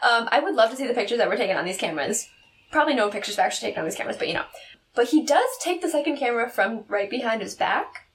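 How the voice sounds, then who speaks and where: A woman's voice: on the high side, animated, rapid-fire, slight background noise. A woman co-hosting a casual podcast, giving wry, playful commentary on a TV episode. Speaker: podcast co-host. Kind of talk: casual chat recapping a TV episode.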